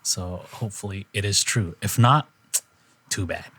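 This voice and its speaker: A man's voice: lowish voice, normal speed, a bit bright, slightly rough, no room sound. A young man hosting a podcast in casual chat, laid-back and rambling with fillers. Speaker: podcast host.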